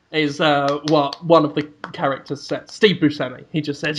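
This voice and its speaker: A man hosting a podcast, rambling through an absurd improvised comic story and bursting into loud put-on voices. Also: a little high, steady tone, moderate pace, hardly any pauses, slight background noise. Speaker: podcast host.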